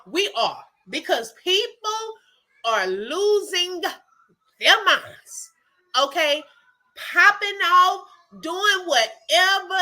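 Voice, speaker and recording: A woman telling a story in casual chat to her viewers, animated and laughing often. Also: high-pitched. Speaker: livestream host chatting with viewers.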